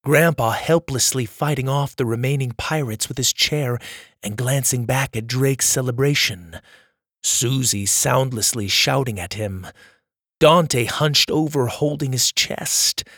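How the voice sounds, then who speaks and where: A man reading a children's adventure story as its narrator, in a measured and dramatic storytelling manner. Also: mid-range voice, fairly bright tone, no echo, studio quality.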